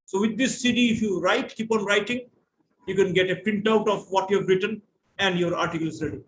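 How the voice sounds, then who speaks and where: A man's voice: high-pitched, a little fast, a bit bright, a little hiss or hum, poor audio. A man with an Indian English accent giving an online lecture to students, explaining patiently and spelling words out letter by letter over a video call.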